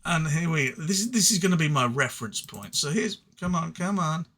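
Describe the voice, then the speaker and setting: Over some background noise, a man with a slightly high, expressive voice talks a little fast as he reviews card game cards solo. He's from England with an English accent, and his casual take rambles, turns self-deprecating, and is full of stuttered restarts.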